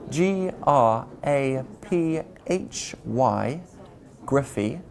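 A man presenting a scripted English pronunciation lesson, spelling out word endings slowly and clearly. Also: mid-range voice, a little mellow. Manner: slow, deliberate, spelling out words.

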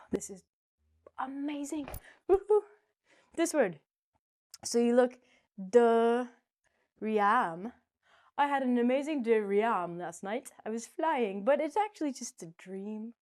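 Playful woman teaching English pronunciation. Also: a little high. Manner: animated, jokey, talks to herself in asides.

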